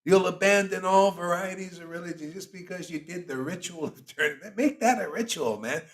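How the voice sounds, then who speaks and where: A man's voice: high-pitched, moderate pace. A man as spiritual teacher, giving a casual, teasing devotional sermon to an online group.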